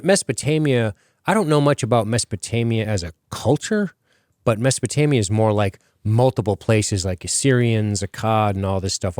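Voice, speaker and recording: A man's voice: on the low side, a little mellow, no echo, clean studio sound. A man hosting a podcast in casual chat, rambling with many fillers and casual swearing. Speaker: podcast host.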